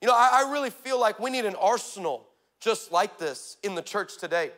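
A male pastor preaching a sermon, energetic and humorous, telling stories and building to shouts. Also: sits high, a little fast. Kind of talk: sermon with storytelling.

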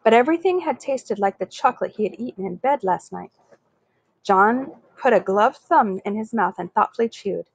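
A woman reading a children's chapter book aloud in a steady, expressive way. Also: medium pitch, normal speed, vocal fry, husky, no echo, lo-fi sound. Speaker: story reader.

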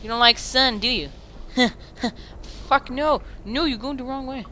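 A man giving excitable gaming commentary into a headset mic, swearing often and breaking into sudden yelps and shrieks. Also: extremely high pitch, unhurried, slight background noise. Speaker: let's play gamer.

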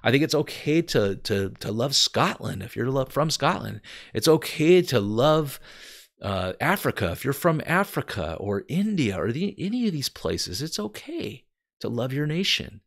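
A man's voice: mid-range voice, big pitch swings, moderate pace, creaky, fairly bright tone. An American man teaching from the Bible in an earnest, emphatic way, speaking straight to his viewers. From United States.

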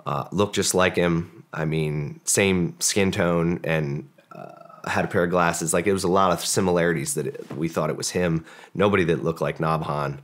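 A man with a deep, low voice tells a long story as a podcast guest. His talk is loose and rambling, full of "like" and "um," and he slips into the voices of the people in his story. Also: moderate pace. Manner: relaxed, rambling, many "like" and "um" fillers, acts out quoted dialogue. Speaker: podcast guest, former special forces operator. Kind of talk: casual storytelling interview.

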